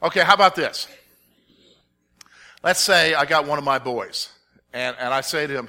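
A middle-aged man teaches an interactive Bible study in a bright, forceful voice that sits a little high for a man. He repeats key points for emphasis and keeps quizzing his listeners. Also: moderate pace, long pauses.

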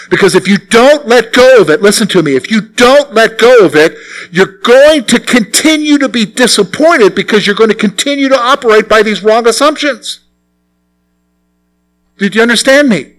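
An older man, a pastor delivering a sermon, earnest and repeating phrases for emphasis, moving between hushed and forceful delivery. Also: high-pitched, lively intonation, fairly quick.

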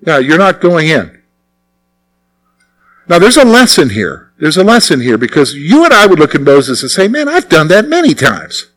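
A man's voice: on the high side, sing-song, moderate pace, pauses often, a bit bright, rough recording. A male preacher giving a conversational sermon, full of rhetorical questions and emphatic repetition. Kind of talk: expository sermon.

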